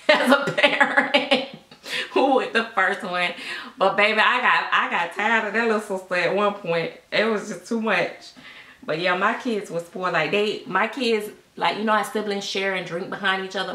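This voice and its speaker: A woman's voice: medium pitch, normal speed, sharp tone. A middle-aged woman telling a casual storytime at home, chatty and sassy, with a sound recorded in an echoey room. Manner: chatty, sassy, acts out voices in quotes.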